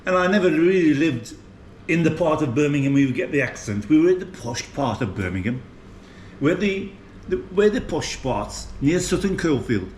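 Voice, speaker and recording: Chatty English vlogger in an echoey room. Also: male voice, on the high side, expressive, moderate pace, a little mellow, slight background noise. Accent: English, West Midlands with a Maltese tinge. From England, West Midlands. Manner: chatty, rambling, chuckling. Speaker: food vlogger. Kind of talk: casual food review vlog. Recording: echoey room, faint ambience.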